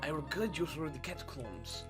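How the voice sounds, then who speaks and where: A man voicing a gentle motherly female goat monster in a deliberately bad put-on Irish accent, slow and soft. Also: on the high side, expressive, over music, close to an everyday voice. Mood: mock tender.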